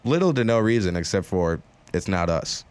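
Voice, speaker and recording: A man's voice: low voice, sing-song, normal speed, a little mellow, clear, resonant tone. A young man co-hosting a casual podcast chat, laughing often and retelling quotes with sarcasm. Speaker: podcast co-host.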